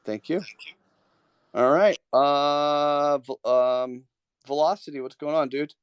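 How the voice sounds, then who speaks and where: A man with a somewhat high voice coaches callers in a loose, emphatic way and comes back to the same points until they land. The sound is dry and close, with no room around it. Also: slow pace, smooth, no echo, muffled recording. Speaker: host of a trading Q&A. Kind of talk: casual mentoring talk.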